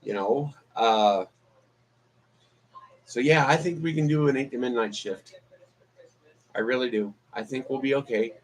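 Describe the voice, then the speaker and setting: A man's voice: medium pitch, unhurried, pauses often, low-quality recording. A man chatting casually on a live stream as a vlogger, rambling with many fillers and restarts. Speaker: YouTube vlogger.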